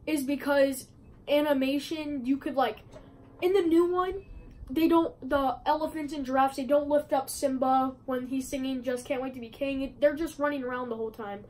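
A woman with a high, light voice talks casually to her viewers, rambling and restarting with plenty of fillers. She is recording a review vlog away from her usual spot, at a friend's house. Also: a little mellow, poor audio. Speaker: movie review vlogger.

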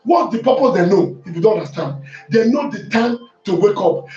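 High-voiced Nigerian pastor preaching fervently. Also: male voice, very animated, a little fast, soft background music. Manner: fervent preaching, shouts and repeats hallelujah. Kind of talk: sermon. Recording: echoey room, distant mic, dull sound.

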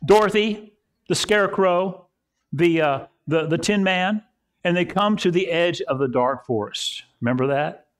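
Storytelling pastor with a higher voice. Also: male voice, a little slow. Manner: storytelling, conversational, repeats phrases for emphasis. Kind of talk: sermon. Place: church service.

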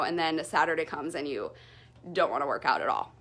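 A woman's voice: fairly low pitch, fast talker. Chatty young woman, breathless after a workout. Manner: chatty, candid, lively storytelling. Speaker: fitness vlogger. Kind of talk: casual talk to camera.

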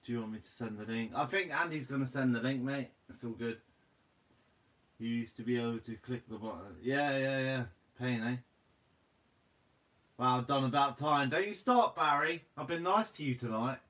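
A man's voice: mid-range voice, normal speed, a bit bright. A man in his twenties with a Guernsey accent, hosting a casual live Q&A and reading out viewer comments. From Guernsey, Channel Islands. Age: 20s. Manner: casual, chatty, reads viewer comments aloud. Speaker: fishing channel host. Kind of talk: live stream Q&A reading chat.

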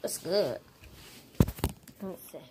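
A woman talks to her viewers on a handheld phone at home, calling them y'all in a loose, chatty way. She takes her time between words, and loud background noise runs under the recording. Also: takes it slowly. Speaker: vlogger. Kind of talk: casual chat to camera.

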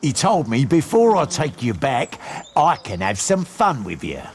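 A man's voice: medium pitch, wildly swooping pitch, unhurried, noisy background. An actor playing a cruel young nobleman who sneers and gloats with menace in a video game. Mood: gloating. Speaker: villain.

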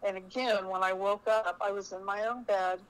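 A middle-aged woman telling a personal story in an earnest, halting way, often restarting her sentences. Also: mid-range voice, fairly even intonation, clear, resonant tone, rough recording. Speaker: spiritual storyteller.

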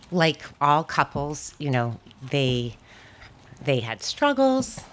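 A woman, the daughter of the deceased, speaking in a church at a memorial service, unhurried and hesitant with frequent pauses. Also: extremely low pitch. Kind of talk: memorial tribute speech.

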